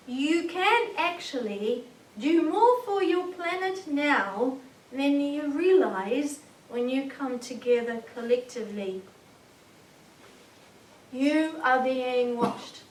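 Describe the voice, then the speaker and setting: A woman channeling a jovial, earnest male alien star commander, preaching slowly and emphatically with rhetorical questions, in a roomy recording from a distant mic. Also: high-pitched, slight background noise. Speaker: spirit channeler. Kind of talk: channeled spiritual message.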